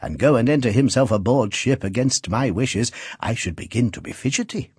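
A man's voice: medium pitch, lively intonation, moderate pace, darkish tone, husky, no echo, clean studio sound. A man reading the part of a good-natured old male instrument maker who muses and teases fondly. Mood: fond grumbling. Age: older. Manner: fussy, musing, kindly teasing.

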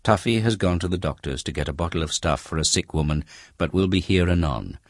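A man with an extremely deep voice narrates a classic novel as an audiobook. His reading is measured and descriptive, and the close recording sounds dry. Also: animated, no echo. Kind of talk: scripted narration.

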